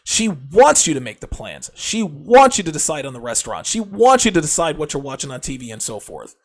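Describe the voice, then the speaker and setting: A man's voice: fairly high pitch, sing-song, a little fast. A man hosting a show, delivering a brash, crude, lecturing monologue straight to his listeners. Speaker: podcast host.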